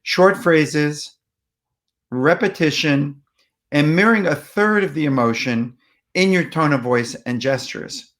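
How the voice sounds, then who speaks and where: A man with a somewhat high voice gives a calm explanatory talk. He speaks plainly and patiently, often pausing on ums and restarting his phrases as he works through each point. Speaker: parenting communication speaker.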